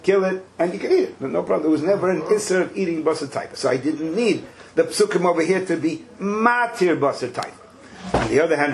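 Animated man teaching a study class. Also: a little high, a little hiss or hum, poor audio. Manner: animated, joking asides, rhetorical questions. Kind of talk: text study lesson.

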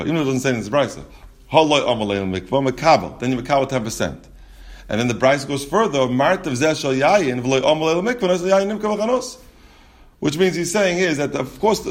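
A man teaching a Talmud class, explaining step by step with frequent restarts and repeated words. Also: medium pitch. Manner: explains step by step, asks and answers questions.

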